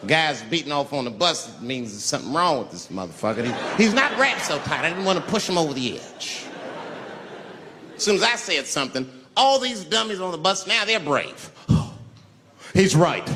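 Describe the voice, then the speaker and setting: A man doing stand-up, telling a profane story and acting out the characters with wild shouts. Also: on the high side, big pitch swings, a little fast. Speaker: stand-up comedian. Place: comedy venue with live audience. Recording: live stand-up recording with crowd noise. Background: audience laughter.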